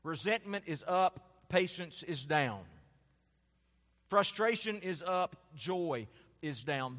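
A pastor, male, preaches with a fairly high, animated voice, piling up his points in rising, emphatic lists before sinking into soft, quiet asides. He takes his time, and the sound carries the feel of a large hall.

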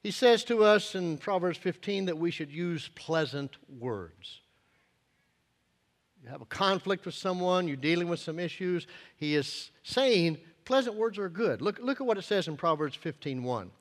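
Preacher guy in his 50s, high voice, folksy and earnest, lots of uhs, long echo like a big church. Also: lively intonation, normal speed. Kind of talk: sermon with personal storytelling. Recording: long echoing hall reverb.

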